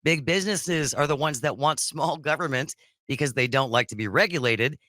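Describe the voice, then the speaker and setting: Radio co-host, woman, bright and animated, opinionated talk, dry studio sound. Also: sits low, dry recording. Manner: lively, quick to laugh, opinionated.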